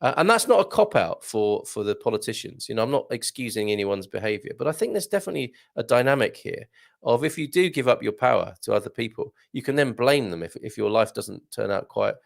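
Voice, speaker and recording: A man's voice: mid-range voice, sing-song, fairly quick, gravelly. A man hosting a live stream, reading viewer comments and musing aloud in a wry, rambling way. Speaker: online community host.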